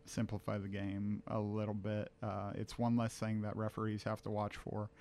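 A man co-hosting a casual sports podcast, giving blunt opinions in a halting way, with many fillers and restarts. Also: lowish voice, monotone, darkish tone. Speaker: podcast co-host.

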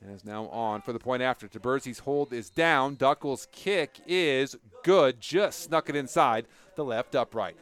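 A man calling a football game play-by-play on radio, rising to excited shouts on big plays. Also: medium pitch, moderate pace, hardly any pauses, clear, resonant tone. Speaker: play-by-play announcer.

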